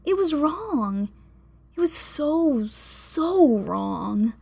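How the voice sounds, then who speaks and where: Woman reading as a tired, gentle gym teacher. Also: high-pitched, sing-song, very slow, gravelly, voice pushed up, full character voice. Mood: weary gentle. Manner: tired, soothing, patient.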